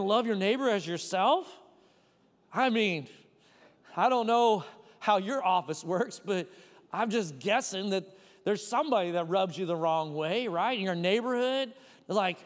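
A man's voice: sits high, long reverb tail. A man preaching a casual, conversational sermon, full of personal stories and "like" fillers. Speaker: pastor.

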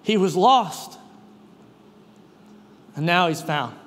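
A man doing a quietly disappointed father. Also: high voice, animated, pitched below the performer's own voice. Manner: quiet, slow, heavy with disappointment. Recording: long reverb of a hall.

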